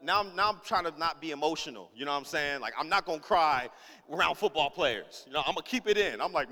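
A man's voice: fairly high pitch, animated, fast talker, pushed and bright, in a large hall. A man preaching as a pastor, telling a funny story in a casual, slang-heavy way and acting out every character in it. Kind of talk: storytelling sermon.

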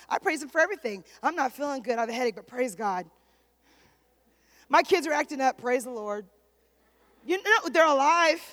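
Woman pastor preaching on a handheld mic, high voice, big echoey church hall. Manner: preaching with rising shouts and repetition. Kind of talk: sermon. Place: church sanctuary. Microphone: handheld microphone. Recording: long hall reverb.

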